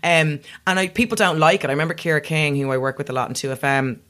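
A young Irish woman comedian with a posh South Dublin accent chats on a casual podcast, speaking quickly in a low voice with a fairly bright tone. She's chatty and self-mocking, laughing often.

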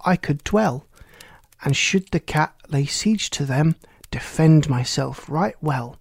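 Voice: medium pitch, animated, takes it slowly, creaky, slightly rough, no echo, exaggerated voice. A reader voicing a small bold female mouse. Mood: musing.

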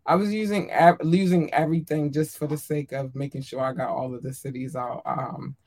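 An effusive podcast host chats casually on their own, warmly calling listeners darlings and babies. The talk is loose and rambling, full of ums and small laughs, at a middle pitch. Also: steady tone, brisk. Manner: chatty with frequent ums and laughs. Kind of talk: casual solo podcast chat.

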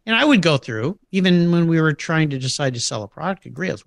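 A man's voice: a little high, expressive, fairly quick, vocal fry, no echo, studio quality. A middle-aged man telling anecdotes in a casual interview, acting out quoted voices and laughing often. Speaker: podcast guest.

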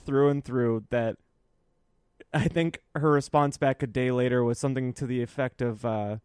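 A man with an ordinary middle-pitched voice talks loosely on a podcast, cursing and joking but also able to speak sincerely. The sound is dry and close to the mic. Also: normal speed, darkish tone, clean tone, no room sound. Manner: profane, joking, earnest apologies. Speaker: podcast co-host. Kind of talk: casual chat.

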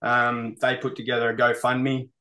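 His mid-range voice is completely flat and sharp in tone, moving at a moderate pace. He's an Australian metal musician in a casual guest interview, easygoing, sweary and repeatedly saying "mate."

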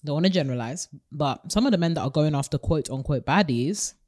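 A woman's voice: deep voice, expressive, quick pace, darkish tone. A woman co-hosting a podcast, candid and opinionated with a wry humor. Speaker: podcast co-host. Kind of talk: casual chat.

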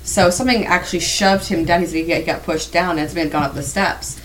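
A woman co-hosting a podcast, chatty and quick to jump in with details of a story from her home. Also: lowish voice, slight background noise, rough recording. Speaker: podcast co-host. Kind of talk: casual storytelling chat.

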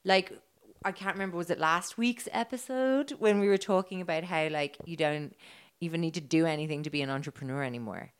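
A low-pitched woman co-hosting a casual podcast, chatty and giggly as she tells the story. She swears freely and keeps talking at an easy conversational clip. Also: brisk, few pauses, clear, resonant tone. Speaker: podcast co-host telling the story.

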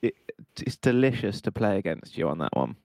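A man's voice: lowish voice, sing-song, fairly quick, a little mellow. A man who is a regular on an improv podcast, chatting earnestly in long, rambling sentences with restarts. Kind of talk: casual chat.

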